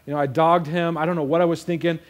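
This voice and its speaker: A man's voice: on the high side, fairly even intonation, fast talker. A young man preaching a sermon in a casual storytelling way, acting out the quotes. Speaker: pastor.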